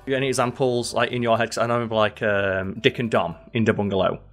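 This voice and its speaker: A man's voice: mid-range voice, level tone, quick pace. A man co-hosting a casual chat show, telling rambling stories with lots of "like". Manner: rambling storyteller, does silly voices. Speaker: podcast co-host.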